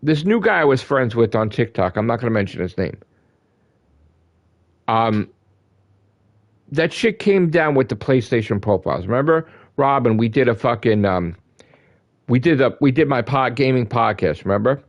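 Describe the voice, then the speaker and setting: A man on a gaming live stream, ranting in a heated, profane way, repeating himself and swinging from loud outbursts to low grumbles. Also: lively intonation, moderate pace, long pauses. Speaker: gaming livestreamer.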